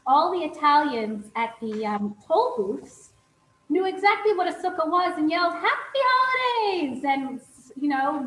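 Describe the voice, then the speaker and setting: Woman telling a story, fairly high voice, lots of ums, echoey room with some faint noise. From Charlotte, North Carolina. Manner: animated storyteller with frequent "um" fillers. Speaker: rebbetzin and teacher, interview guest. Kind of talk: storytelling in a casual interview.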